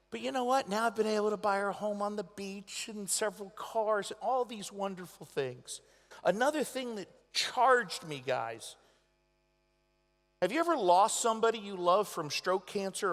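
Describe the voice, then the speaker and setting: A man giving a motivational convention speech, telling stories dramatically and swinging between loud and hushed delivery. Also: high voice, moderate pace. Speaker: motivational speaker. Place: large convention hall. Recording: echoey convention hall.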